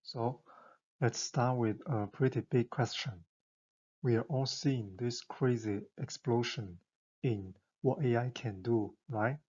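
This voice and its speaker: With conversational enthusiasm, a male narrator walks through an explainer, asking rhetorical questions as he goes. He speaks unhurriedly in a husky, slightly mellow medium-pitched voice with a steady tone. The sound is somewhat dull and lo-fi.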